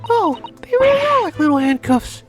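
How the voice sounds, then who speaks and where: Man doing a young woman in high falsetto, earnest, lively pitch, game music behind. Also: normal speed. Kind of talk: reading game dialogue aloud.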